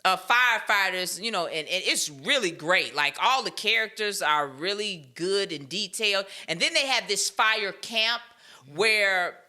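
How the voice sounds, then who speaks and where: A woman's voice: medium pitch, lively intonation, measured pace, pushed and bright. A woman hosting an advice podcast, chatting casually with lots of "like" and restarts. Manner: rambling, filler-heavy storytelling. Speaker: podcast host. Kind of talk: casual chat.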